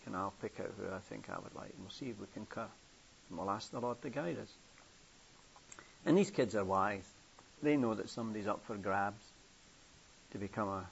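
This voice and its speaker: An older man from England preaching a storytelling sermon, acting out characters' voices inside his stories. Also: vocal fry. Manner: acts out children's voices in a high pitch within stories. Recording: muffled, hissy old tape.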